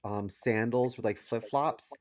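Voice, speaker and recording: A man co-hosting a podcast in casual chat, teasing his partner and telling stories quickly. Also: mid-range voice, no echo, studio quality. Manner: teasing, quick, mocking retellings. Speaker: podcast co-host.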